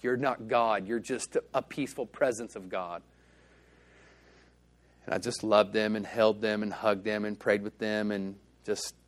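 In a church, a male pastor with a lowish voice preaches a sermon, telling stories casually and conversationally and acting out the dialogue.

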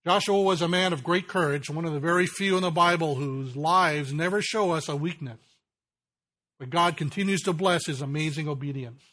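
Folksy male preacher, slightly high voice. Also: a bit bright. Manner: folksy, slows down to stress key lines. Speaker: pastor. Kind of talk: sermon.

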